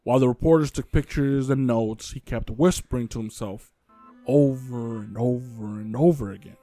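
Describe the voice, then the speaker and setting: A man hosting a casual podcast, retelling a true-crime story in a loose, filler-heavy way with quick acted quotes. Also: medium pitch, dark tone, faint music behind. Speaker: podcast host telling the case.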